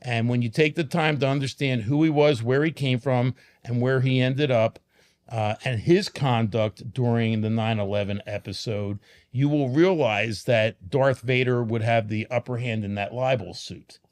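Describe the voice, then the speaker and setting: Casting note: man, podcast guest, emphatic and argumentative, slows down to stress key points, mid-range voice. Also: medium pitch, a little mellow. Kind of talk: casual podcast conversation.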